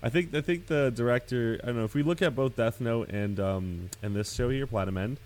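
A man's voice: mid-range voice, a little fast, a little mellow. A man co-hosting a podcast in casual chat, rambling with many fillers and restarts. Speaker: podcast co-host.

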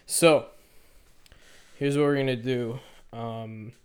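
Rambling young man, smooth voice. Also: medium pitch, steady tone, darkish tone. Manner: rambling, halting, self-correcting. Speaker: podcast host. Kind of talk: unedited solo podcast monologue.

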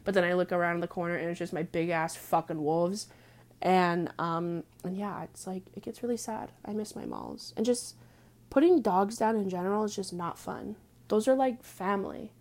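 A young woman venting in a casual vlog, blunt and crude, with lots of "like" fillers and the odd hushed aside. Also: lowish voice, very animated, moderate pace. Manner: drops to hushed asides now and then. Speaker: vlogger. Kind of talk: casual profane venting monologue.

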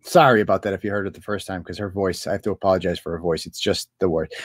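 A man's voice: low-pitched, steady tone, very fast, hardly any pauses, husky, dry recording, studio quality. A man hosting a casual commentary stream, sarcastic and mocking, often laughing. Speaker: show host. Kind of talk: casual commentary over clips. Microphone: computer mic.

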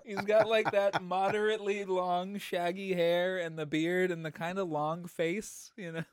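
Male podcast co-host, somewhat high voice, animated, dry recording. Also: a little slow, clear, resonant tone, dry recording. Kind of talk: casual chat.

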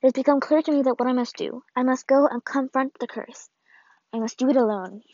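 A woman reading the farewell letter of an old, ailing grandmother in a solemn, measured way, on a dull, lo-fi recording. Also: high voice, mellow, no room sound. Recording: dull, lo-fi dry read.

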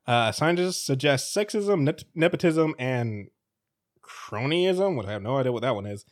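A man's voice: mid-range voice, animated, normal speed. A man co-hosting a casual news-chat podcast, rambling and laughing often as he restarts his sentences. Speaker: podcast co-host.

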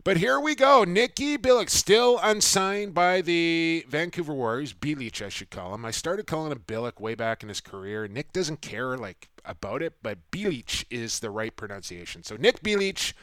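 A man's voice: fairly high pitch, lively intonation, normal speed, hardly any pauses, a bit bright, dry recording, clean studio sound. A middle-aged man hosting a sports podcast, with upbeat, punchy segment intros and casual banter. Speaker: podcast host.

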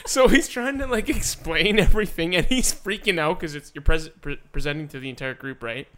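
Young male co-host, brighter and slightly higher voice than most men, animated storyteller who mimics others and laughs a lot. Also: fairly quick, a little hiss or hum. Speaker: podcast co-host. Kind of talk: casual chat.

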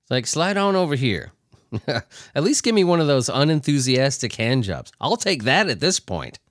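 A man's voice: mid-range voice, moderate pace, no echo, studio quality. A man hosting a podcast in casual, crude, joking chat, recovering from an illness and prone to coughing fits. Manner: lively, crude, joking, laughs a lot. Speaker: podcast host.

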